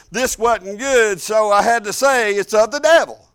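Preacher guy, middle-aged, high smooth voice, repeats himself for emphasis in church. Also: a little slow, fairly bright tone. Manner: emphatic, repetitive, storytelling preaching. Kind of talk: sermon.

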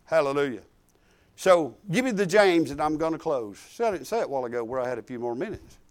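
A woman's voice: low-pitched, animated, quick pace, darkish tone. A woman pastor, preaching a folksy, emphatic sermon full of hallelujahs.

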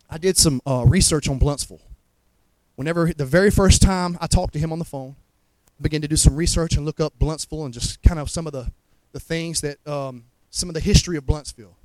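A Southern man preaches a fervent sermon in a high voice. He stumbles over repeated words as he goes and keeps asking the congregation whether they follow him. The sound is close and dry. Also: brisk, darkish tone, no room sound, rough recording. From Montgomery, Alabama. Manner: fervent, repeats words, asks the crowd to agree. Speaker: guest preacher.

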